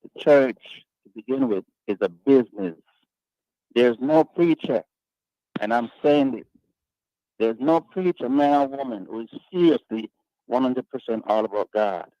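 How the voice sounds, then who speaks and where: A man's voice: mid-range voice, animated, measured pace, warm tone, dry recording. A man hosting a radio talk panel, arguing his points in an emphatic, preachy way. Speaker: radio talk show host. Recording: dull lo-fi radio sound.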